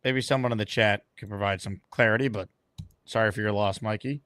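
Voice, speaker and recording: A man's voice: fairly low pitch, fairly even intonation, brisk, a bit bright, dry recording. Upbeat man hosting a call-in show. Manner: upbeat, dryly joking host patter. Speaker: host. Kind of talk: call-in sports talk show.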